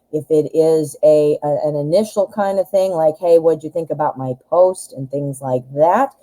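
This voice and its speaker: A woman's voice: low voice, dark tone, poor audio. A woman giving a casual pick-a-card tarot reading, chatting and advising the viewer directly with frequent fillers. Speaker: tarot reader.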